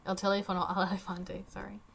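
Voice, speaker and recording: A woman's voice: mid-range voice, monotone, quick pace, creaky, a bit bright, slight background noise. A woman teacher walking through a Spanish worksheet on her screen, casual and chatty with wry asides. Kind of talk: screen-recorded worksheet walkthrough.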